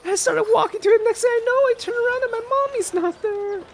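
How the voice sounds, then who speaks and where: A man voicing a crying five-year-old girl who has lost her mother, in a high sobbing voice. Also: quick pace, a little hiss or hum. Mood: tearful.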